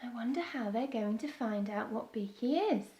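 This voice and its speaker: A woman teacher reading a children's storytime, gently pausing to ask her young listeners questions. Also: on the high side, lively intonation, a little hiss or hum. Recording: echoey room.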